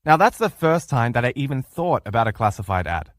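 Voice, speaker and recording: Guy coaching on relationships, really animated pitch, super dry close sound, punchy storyteller. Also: a little fast, dry recording. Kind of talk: motivational lecture.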